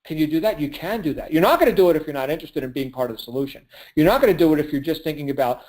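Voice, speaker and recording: A man's voice: on the high side, lively intonation, rapid-fire, few pauses, a little mellow. A man coaching a call as a motivational sales speaker, punchy and preachy, asking and answering his own questions and laughing often. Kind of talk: motivational call pep talk.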